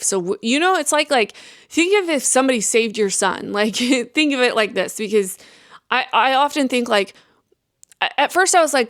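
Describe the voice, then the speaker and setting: A woman's voice: sits high, expressive, moderate pace, a bit bright, dry recording, studio quality. A young adult woman hosting a podcast, talking candidly and earnestly, rambling with restarts and acted-out self-talk. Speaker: podcast host.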